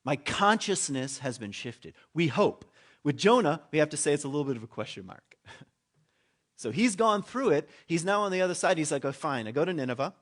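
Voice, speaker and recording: A man's voice: a little high, big pitch swings, brisk, fairly bright tone. Conversational man preaching a sermon. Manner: conversational, acts out voices with dropping asides. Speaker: pastor.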